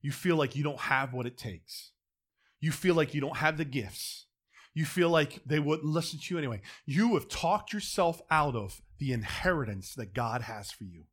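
A man preaching a sermon, telling a story with dramatic swings from loud to hushed. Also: fairly high pitch, moderate pace.

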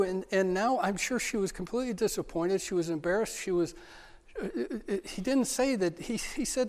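A middle-aged male pastor preaching a sermon, passionate at first and then soft and personal, often restarting his words. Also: high-pitched, moderate pace. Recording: long hall reverb.

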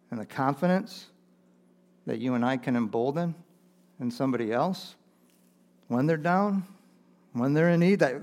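Animated preaching man. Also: fairly high pitch. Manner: animated preaching, rising and loud when reading Scripture; chuckles often between points. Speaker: pastor. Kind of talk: sermon.

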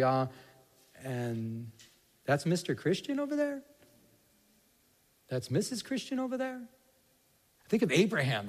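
Male pastor, casual sermon delivery that builds to fervor, higher-pitched, echoing hall. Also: darkish tone, breathy edge. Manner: conversational, rising to passionate emphasis. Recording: reverberant hall.

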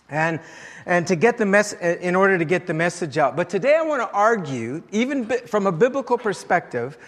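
A pastor preaches a sermon in a high, fairly bright voice, telling stories full of fillers and restarts. The long reverb of a large hall surrounds him.

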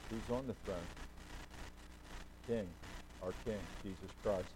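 A man's voice: fairly low pitch, slow pace, noisy background. A man, a pastor, preaching a conversational sermon and putting questions to the congregation.

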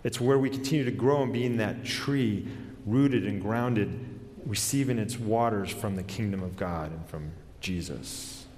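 A man's voice: on the low side, slight background noise. Earnest preacher man in a reverberant hall. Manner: earnest, slows and drops to a hush on key words. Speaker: pastor. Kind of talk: sermon.

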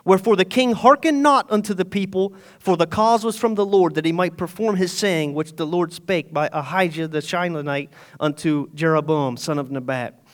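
A man preaching a sermon, reading scripture aloud and retelling it in casual paraphrase, swinging between loud and hushed delivery. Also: high voice, moderate pace, hardly any pauses. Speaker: pastor.

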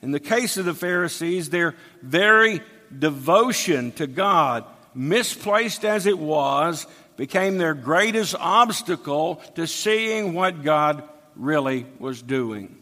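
A man's voice: on the high side, animated, takes it slowly, pushed and bright. A man preaching an expository sermon, reading scripture aloud and explaining it verse by verse. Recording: long hall reverb.

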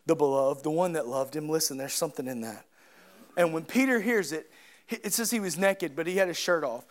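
A man preaching a sermon, swinging from quiet, low reflection to loud, high-pitched fervor. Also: a little fast.

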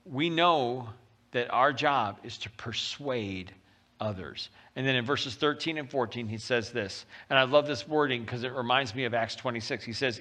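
A man preaching a sermon as pastor, talking in a lively, conversational way and reading scripture aloud with rising intensity. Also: medium pitch, moderate pace. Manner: animated and conversational, often acting out quotes.

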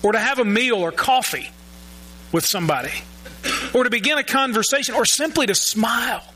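A man's voice: very high voice, expressive, a little fast, sharp tone, low-quality recording. A male pastor giving a sermon in a church, earnest and often repeating words as he searches for his phrasing. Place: church sanctuary.

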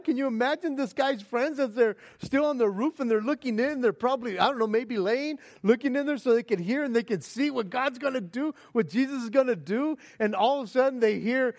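A male preacher delivering a sermon as an animated story, firing rhetorical questions, chuckling, then easing into soft reflective passages. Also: very high voice, fairly quick.

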